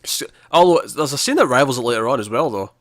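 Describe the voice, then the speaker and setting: A man on a review podcast, talking through an episode with excited, tumbling retellings full of false starts. His voice sits at an ordinary pitch. The sound is close and dry. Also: fast talker, no room sound. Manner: animated, stumbling retelling with many restarts. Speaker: podcast co-host. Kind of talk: casual review chat.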